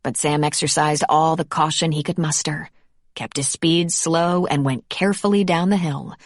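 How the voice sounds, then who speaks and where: A woman narrates a romance audiobook in a measured, scripted way. Her voice is low for a woman, and the recording is dry and close. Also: steady tone, no echo.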